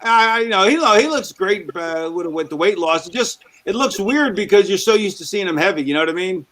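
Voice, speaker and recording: A man's voice: high voice, animated, fairly quick, fairly bright tone. A man chatting as a guest on a podcast, rambling and tripping over his words now and then. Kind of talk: casual chat.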